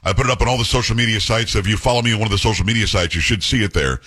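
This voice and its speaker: A man's voice: lowish voice, racing, husky. A man hosting a talk radio show in casual on-air banter, teasing his co-host and breaking into voices. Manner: animated, teasing, mimics voices. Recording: radio studio broadcast.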